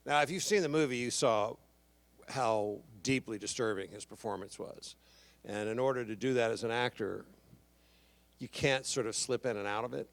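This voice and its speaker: Older man from houston, gravelly voice, mid pitch, animated rambling storyteller, convention panel guest. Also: moderate pace. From Houston, Texas, USA. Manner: animated, acts out quoted voices, rambling restarts. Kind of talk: anecdotal storytelling to a live audience. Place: convention stage.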